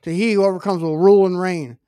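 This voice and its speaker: High-voiced emphatic male preacher. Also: steady tone, quick pace, warm tone, clean tone, no echo. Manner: emphatic, conversational preaching with asides and repetitions. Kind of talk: sermon.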